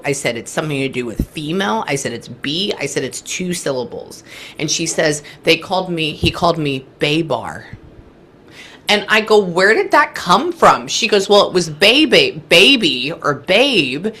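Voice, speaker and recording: A woman's voice: deep voice, a bit bright, a little hiss or hum. A woman in her thirties, a guest medium, telling a reading story and acting out the remembered dialogue of both people. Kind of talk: animated storytelling in conversation.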